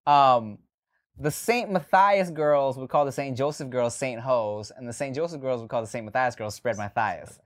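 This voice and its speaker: A young man hosting a podcast, telling stories in casual chat with lively swings in his voice. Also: normal speed. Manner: animated storyteller, lively swings in pitch. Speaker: podcast host.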